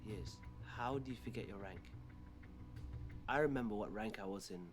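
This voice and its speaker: A man's voice: fairly low pitch, moderate pace. Incredulous man commenting. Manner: incredulous, sarcastic. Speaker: panelist. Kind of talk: casual reaction commentary.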